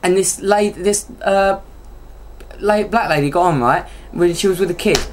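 A woman's voice: lowish voice, normal speed. A woman co-hosting a podcast, telling stories chattily and asking "right?" again and again. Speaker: podcast co-host. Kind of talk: casual banter and storytelling.

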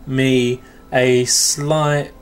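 A man's voice: mid-range voice, flat delivery, drawn-out words, clear, resonant tone. A young man co-hosting a casual, teasing chat. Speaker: co-host.

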